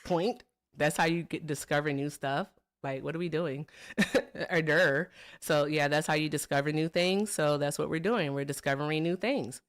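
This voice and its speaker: Speaking at normal speed in a deep voice, this livestream host runs a political call-in show. She keeps things chatty and upbeat, welcoming callers and viewers with plenty of "y'all."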